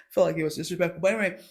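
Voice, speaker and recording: A woman's voice: on the low side, vocal fry. A woman hosting a comedy show, telling a self-mocking story about church gossip and laughing often as she goes. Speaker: host. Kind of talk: comic storytelling.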